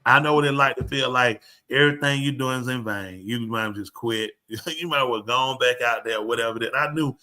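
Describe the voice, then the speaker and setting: Older man, preacher, casual storytelling, bright voice, lively acted-out dialogue. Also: mid-range voice, brisk, hardly any pauses. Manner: animated, acts out dialogue in raised voice.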